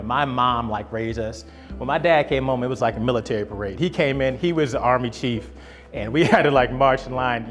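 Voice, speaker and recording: A man in his fifties, telling a family story in a casual, animated way and acting out the voices of the people in it. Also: mid-range voice.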